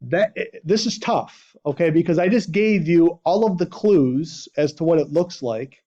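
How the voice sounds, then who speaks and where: Warm in tone and slightly slow, a male math teacher with a voice on the high side lectures the class. He keeps questioning students with "right?", and the recording is dull and lo-fi.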